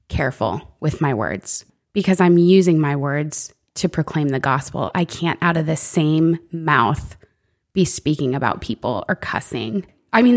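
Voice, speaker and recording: Low-pitched woman, earnest faith-talk co-host, reflective. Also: a little mellow. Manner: earnest, reflective, quotes scripture. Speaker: podcast co-host. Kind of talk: faith-based conversation.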